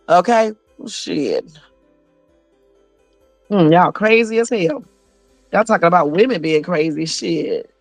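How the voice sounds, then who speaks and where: A woman's voice: fairly low pitch, dry recording. Woman host, phone livestream, blunt and sassy, swears a lot; dry sound, faint music behind. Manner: blunt, sassy, profane storytelling. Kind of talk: casual livestream chat.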